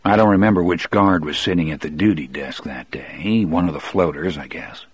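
Man, audiobook narrator, very low voice, measured first-person storytelling, dry close recording. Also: breathy edge, no echo.

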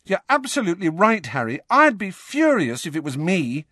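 A man's voice: high voice, big pitch swings, normal speed, sharp tone, no room sound, clean studio sound, voice pushed up, heavily acted. A man voicing an anxious, hasty teenage witch girl. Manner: hasty, pleading.

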